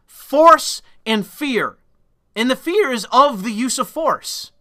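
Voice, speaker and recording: A man's voice: very high voice, expressive, slow pace, bright, forceful tone. A man delivering a solo commentary rant in a blunt, profane, emphatic way. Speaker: political commentator.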